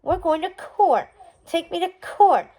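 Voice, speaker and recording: A woman reading as a bossy, lively young girl. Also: very high-pitched, unhurried, voice pushed up, full character voice, low-quality recording.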